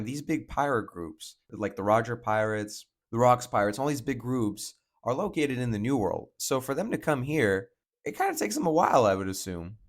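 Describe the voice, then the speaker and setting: A man giving casual reaction commentary as a manga reaction host, chatty and musing as he thinks aloud. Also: medium pitch.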